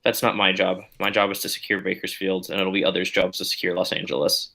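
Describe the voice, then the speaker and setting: A man playing his character in a tabletop game, calm, measured and terse. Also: low-pitched, creaky. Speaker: player. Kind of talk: in-character role-play.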